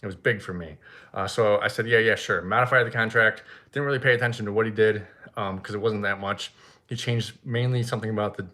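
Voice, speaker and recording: Guy live q&a, tells stories big and animated, lowish voice but bright and punchy. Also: fairly quick. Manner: animated storytelling, acts out shouting in quotes. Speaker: event rental business owner answering viewer questions. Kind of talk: live Q&A, casual storytelling. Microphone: single mic, standing.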